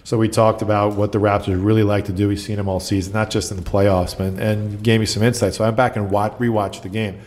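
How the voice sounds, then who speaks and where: A man's voice: fairly low pitch, fairly quick, hardly any pauses. A middle-aged man, a basketball coach, telling stories in casual chat and acting out the people he quotes. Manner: animated storyteller, acts out quotes.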